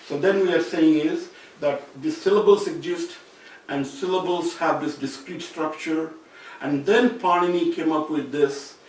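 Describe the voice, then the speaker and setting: A man gives an academic seminar lecture in a seminar room, explaining ideas and rephrasing his points as he goes. His voice is a little high and a little mellow, with a little hiss or hum. A distant room mic captures him from far off in a very echoey room.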